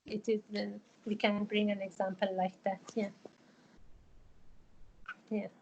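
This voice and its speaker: A woman, teaching a religious studies class over a video call and explaining patiently in a halting way, full of fillers. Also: medium pitch, level tone, creaky, a little mellow, highs cut off, slight background noise.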